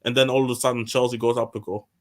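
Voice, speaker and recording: A man's voice: mid-range voice, little pitch movement, racing. A man in casual football chat who rambles and repeats himself as he makes his point.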